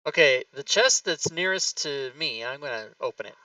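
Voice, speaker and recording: Bright guy playing d&d online, jokey, far off the mic, muffled. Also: medium pitch, lively intonation, moderate pace, no room sound. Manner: joking, offhand remarks. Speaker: player. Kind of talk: casual tabletop game chat.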